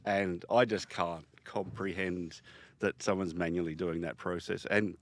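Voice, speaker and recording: Middle-aged male guest, low voice, dry close sound, animated and emphatic. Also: unhurried, no echo. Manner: animated, emphatic storytelling with many restarts. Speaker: podcast guest, software founder. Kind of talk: casual interview talk.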